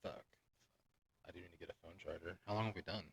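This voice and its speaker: A man's voice: low-pitched, steady tone, fast, gravelly, a bit bright, breathy edge, poor audio. A young man co-hosting a podcast, chatting casually in a blunt, crude, joking way. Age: young adult. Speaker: podcast co-host. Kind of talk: casual chat.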